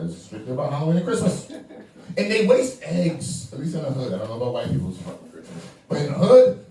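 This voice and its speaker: Rowdy tipsy New comedian, yelling. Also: male voice, on the high side, a little hiss or hum. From New York. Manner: loud, profane, slurring, yelling. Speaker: comedian debater. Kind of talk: drunk stand-up debate. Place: comedy club stage. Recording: echoey room, far from mic.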